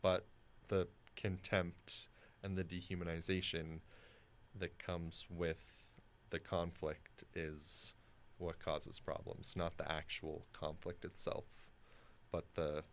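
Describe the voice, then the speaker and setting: Deep-voiced young man musing on a podcast. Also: flat delivery, a little hiss or hum. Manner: thoughtful, halting, with many "um"s. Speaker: co-host. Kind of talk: casual discussion podcast.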